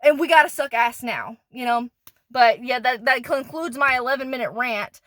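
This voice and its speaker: A woman's voice: high-pitched, moderate pace, fairly bright tone, dry recording. A woman in a profane, rambling, angry rant done as an ASMR monologue, pissed off and disgusted, often stumbling and restarting. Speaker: ASMR creator.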